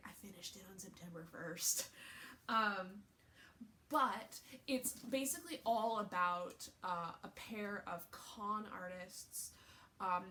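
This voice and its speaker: A woman's voice: mid-range voice, sharp tone, slight background noise. A woman book vlogger talking in a casual, rambling way, with lots of fillers and restarts. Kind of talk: casual chat.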